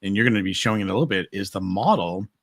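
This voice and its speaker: A man co-hosting a podcast in casual, opinionated chat, sarcastic and quick to mock with exaggerated quotes. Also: sits low, no echo, clean studio sound. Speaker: podcast co-host.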